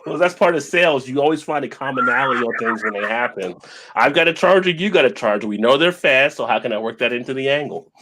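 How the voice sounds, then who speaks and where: A man's voice: mid-range voice, quick pace, fairly bright tone, slight background noise. A man co-hosting a live stream, telling rambling stories in casual chat and laughing often. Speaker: stream co-host.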